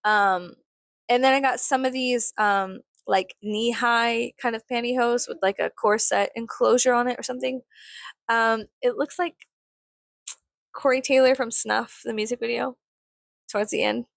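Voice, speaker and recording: A woman vlogging casually while doing her makeup, rambling and swearing, sometimes dropping to a soft whisper. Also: fairly high pitch, steady tone, normal speed, creaky, no echo.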